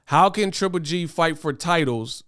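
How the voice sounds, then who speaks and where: A young man hosting a boxing commentary livestream, talking fast in slang, excitable and laughing as he reads viewer chat. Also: a little high, very noisy. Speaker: boxing commentary show host.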